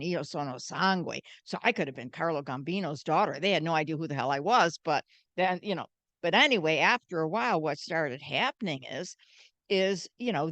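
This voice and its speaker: An older American woman, a guest, telling animated stories and acting out the voices in them. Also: low-pitched, no echo. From United States. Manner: animated, acts out quoted voices. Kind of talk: storytelling interview.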